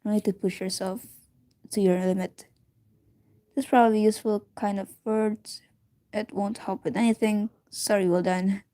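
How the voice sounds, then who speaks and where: A woman voicing a worried friend who speaks in a low, gentle, quiet way in a read-aloud story. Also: fairly even intonation, normal speed, no room sound, natural voice. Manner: soft, quiet, reassuring.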